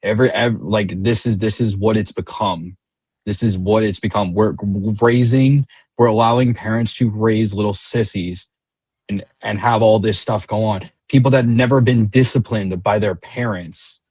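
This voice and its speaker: A man's voice: fairly low pitch, steady tone, normal speed, a little mellow, breathy edge, no room sound, poor audio. Blunt, combative young man, dry sound. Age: late 20s. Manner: blunt and combative, mocking voices. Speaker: panel guest. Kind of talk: heated panel debate.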